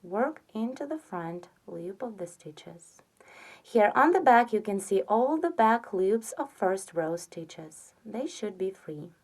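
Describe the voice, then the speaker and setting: Woman crochet instructor, slow and patient, lively pitch, counts stitches softly. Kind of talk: step-by-step tutorial narration.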